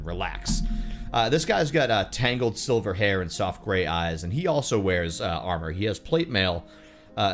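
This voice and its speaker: A man narrating as game master of a tabletop game, relaxed, with lots of fillers. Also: fairly low pitch.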